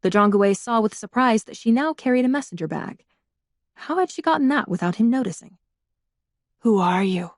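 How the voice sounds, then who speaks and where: A woman narrating an audiobook in an even, measured reading voice on a close studio mic. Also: fairly high pitch, no echo. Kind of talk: scripted narration.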